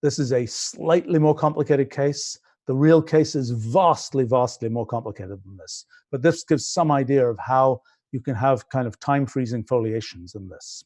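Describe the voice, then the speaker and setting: A man's voice: medium pitch, normal speed, darkish tone. A British man in his sixties, a scientist explaining his physics project in a livestream, thinking aloud with many restarts and fillers. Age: 60s.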